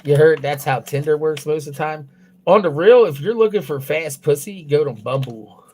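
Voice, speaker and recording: A man's voice: a little high, moderate pace, a little mellow, husky. A young man chatting on a livestream, crude and blunt, swearing constantly and rambling loosely with restarts. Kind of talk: casual livestream chat.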